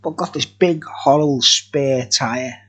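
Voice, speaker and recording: A man's voice: medium pitch, measured pace, slightly rough. A middle-aged man reviewing beer in a tipsy, jokey, rambling vlog chat, laughing often.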